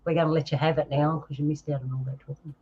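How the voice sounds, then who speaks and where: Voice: mid-range voice, little pitch movement, quick pace, mellow, breathy edge. A host in their fifties, chatting casually on a video call livestream and laughing often. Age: 50s. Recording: dull lo-fi stream audio.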